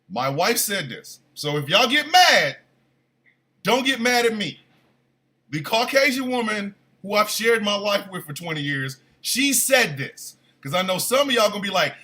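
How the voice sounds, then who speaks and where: Lively, high-pitched storytelling man. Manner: animated, loud bursts of disbelief. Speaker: morning show host. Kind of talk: casual comic storytelling.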